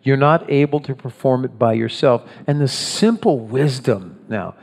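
A man's voice: medium pitch, unhurried, darkish tone. Man preaching in a reverberant hall. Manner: conversational preaching, acting out voices, stumbling restarts. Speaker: pastor. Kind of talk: sermon.

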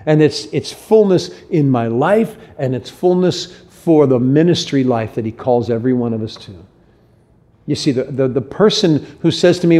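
Earnest middle-aged pastor with a mellow voice. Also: male voice, medium pitch, normal speed. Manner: earnest, tender and emotional, with frequent restarts. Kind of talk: sermon.

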